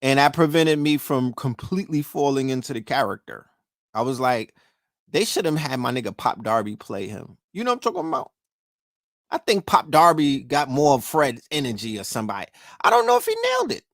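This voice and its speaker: A man's voice: medium pitch, animated, a little fast, dry recording, studio quality. A middle-aged man with a New York accent hosting a casual show, talking profanely and throwing questions at his listeners. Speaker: podcast host. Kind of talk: casual livestream talk.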